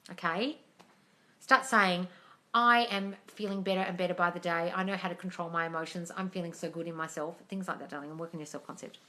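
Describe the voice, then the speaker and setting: Blunt, bright-toned woman, low-pitched. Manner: blunt and profane, calls listeners darling. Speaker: manifesting coach. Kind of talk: livestream Q&A reading out comments.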